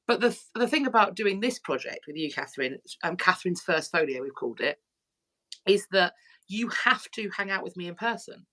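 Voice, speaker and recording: A woman's voice: on the low side, expressive, fairly quick, a bit bright. A woman hosting a casual livestream through her phone, talking in rambling, self-correcting runs. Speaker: YouTube channel host.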